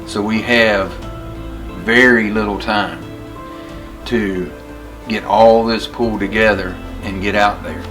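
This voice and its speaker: A man hosting a documentary vlog, talking earnestly with halting pauses and fillers. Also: on the low side, steady tone, over music, low-quality recording. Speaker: documentary host. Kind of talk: casual vlog narration.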